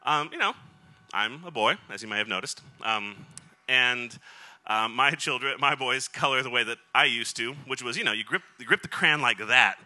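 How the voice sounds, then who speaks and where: Middle-aged guy rambling through a story from the pulpit, super bright voice, lots of ums and little jokes at his own expense. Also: mid-range voice, normal speed. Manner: chatty, rambling storytelling with many fillers; self-deprecating humor. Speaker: speaker.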